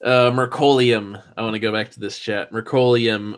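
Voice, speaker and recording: A man's voice: on the low side, steady tone, normal speed, clean tone. A man chatting casually on a stream, laid-back and blunt, swearing now and then.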